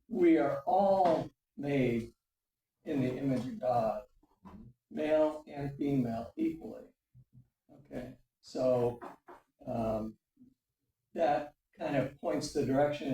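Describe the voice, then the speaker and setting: A man's voice: fairly high pitch, dark tone. A man leading an adult education class at a church, lecturing with many fillers and asking "okay?" to check in with the group. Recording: roomy, mic at a distance.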